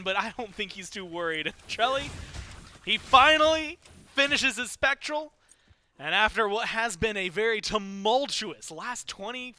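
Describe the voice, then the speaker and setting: A man giving excitable play-by-play commentary on an esports match, his voice climbing on the big plays. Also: sits high. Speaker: esports caster.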